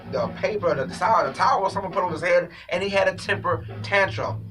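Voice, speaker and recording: Bright, animated man talking sports. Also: fairly high pitch, far from the mic, poor audio. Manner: animated, opinionated, addresses viewers as ladies and gentlemen. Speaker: sports talk show host. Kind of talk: casual sports commentary monologue.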